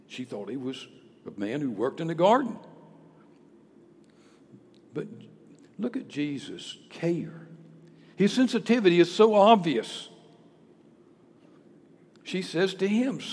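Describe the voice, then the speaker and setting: A man preaching a sermon, with dramatic swings from hushed to loud. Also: fairly high pitch, creaky, breathy edge. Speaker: pastor. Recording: long reverb of a large hall.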